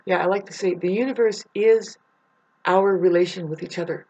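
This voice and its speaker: A woman's voice: lowish voice, steady tone, normal speed, a little mellow. A woman in a rambling, profane spiritual monologue, laughing often as she talks. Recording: muffled lo-fi recording.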